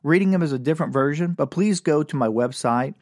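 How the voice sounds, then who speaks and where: A man's voice: on the high side, fairly quick, a little mellow, dry recording, studio quality. A man telling rambling, profane, self-mocking comic stories live as a podcast host.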